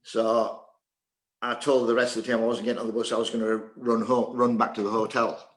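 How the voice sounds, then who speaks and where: A man's voice: mid-range voice, flat delivery, brisk, reverberant, rough recording. An older man from England, a former table tennis player and coach, reminiscing in a Q&A in a hesitant way, with many fillers and restarts. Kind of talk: casual reminiscing in a Q&A.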